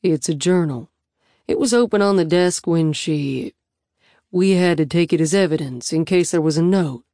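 A woman's voice: deep voice, normal speed, warm tone, no echo, clean studio sound. A woman voicing a kindly male police officer who speaks hesitantly and carefully.

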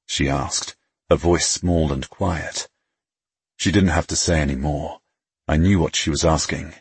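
A man narrating a first-person audiobook, reading in an intimate, unhurried way. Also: extremely low pitch, steady tone, breathy edge, dry recording.

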